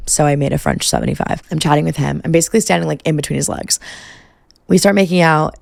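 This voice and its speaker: Gravelly-voiced woman telling a wild story. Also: low voice, fast talker, no echo. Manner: profane, valley-girl filler "like". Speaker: podcast host. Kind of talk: casual storytelling.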